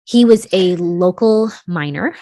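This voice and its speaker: A young woman with a lowish voice recounts a true crime case in loose, chatty podcast talk. She swears casually and her voice sinks to a mutter as each thought winds down. The sound is close and dry, with no room around it. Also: animated, unhurried, mellow, no room sound. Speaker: podcast host telling a true crime story.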